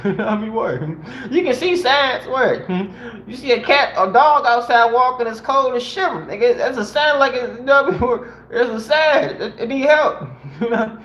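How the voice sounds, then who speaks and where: High-voiced man reading aloud in a roomy space. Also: fairly bright tone, muffled recording. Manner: loose, conversational, slangy asides. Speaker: reader and commentator. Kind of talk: reading a book aloud with casual commentary.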